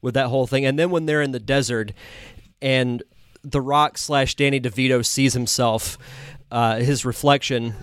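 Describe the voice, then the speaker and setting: Male podcast host, casual and excitable, mid-range voice, dry close-mic sound. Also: mid-range voice, normal speed, clean tone, dry recording. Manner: enthusiastic, laughs while retelling scenes.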